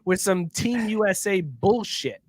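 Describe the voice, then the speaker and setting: A man's voice: sits high, animated, unhurried. A man hosting a podcast in casual chat, teasing and bossy. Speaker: podcast host.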